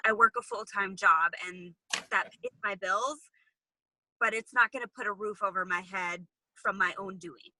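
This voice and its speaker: Earnest woman in her thirties, bright. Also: medium pitch, no room sound, rough recording. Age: 30s. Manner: earnest, candid, talks to the audience as "y'all". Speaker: guest. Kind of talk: casual chat on a video call.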